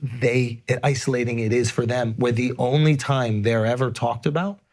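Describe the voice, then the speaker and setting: A man's voice: mid-range voice, fairly even intonation, normal speed, a little mellow. A man hosting a podcast, talking in an earnest, emphatic way with frequent swearing. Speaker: podcast host. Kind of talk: casual podcast chat.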